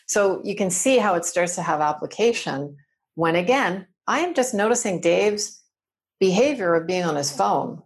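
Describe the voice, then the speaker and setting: A woman's voice: lowish voice, moderate pace, husky. A woman explaining workplace communication as a podcast guest, acting out example phrases as she goes. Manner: animated, acts out example phrases. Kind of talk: conversational teaching.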